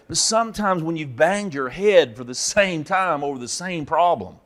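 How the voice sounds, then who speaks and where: A man preaching a Bible teaching, telling stories and acting out characters with sudden loud outbursts. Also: fairly high pitch, a little fast, few pauses. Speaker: pastor. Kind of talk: sermon teaching.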